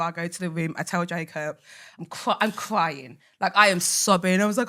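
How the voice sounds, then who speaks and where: A woman's voice: lowish voice, fairly quick, pushed and bright. A woman hosting a podcast, chatting candidly and telling personal stories with a teasing edge. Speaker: podcast host. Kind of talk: casual chat, storytelling.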